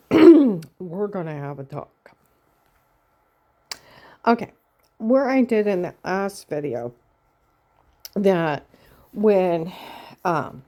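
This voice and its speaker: A woman vlogging in a rambling personal monologue, telling a long story plainly and slowly and often checking in with "Okay?". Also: lowish voice, mellow.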